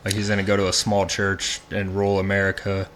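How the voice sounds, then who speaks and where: A man's voice: fairly low pitch, a little fast, a little hiss or hum. Teasing man hosting a comedy podcast. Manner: teasing, deadpan jokes. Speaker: podcast host. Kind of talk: casual comedic chat.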